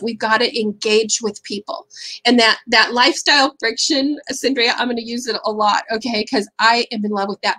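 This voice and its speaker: A woman's voice: medium pitch, a bit bright, low-quality recording. A middle-aged woman speaking at a faith-based seminar, candid and conversational, often checking in with "right?".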